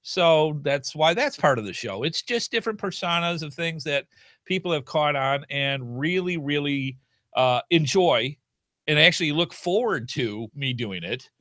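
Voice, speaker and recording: A man's voice: on the high side, animated, a little slow, sharp tone, dry recording, clean studio sound. A middle-aged man co-hosting a podcast in a casual chat, with an upbeat, game-show-host way of talking.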